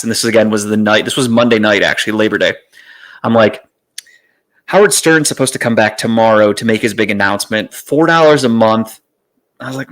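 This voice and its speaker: A man hosting his own podcast in a casual, rambling way, swearing freely and filling pauses with "uh". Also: fairly low pitch, a bit bright. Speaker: podcast host. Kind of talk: casual solo podcast chat. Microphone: streaming setup mic.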